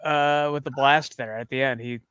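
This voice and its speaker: A man's voice: medium pitch, fairly even intonation, moderate pace, a bit bright, clear, resonant tone, no room sound, lo-fi sound. A male podcast co-host chiming in with short, dry reactions and quips. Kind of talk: casual chat.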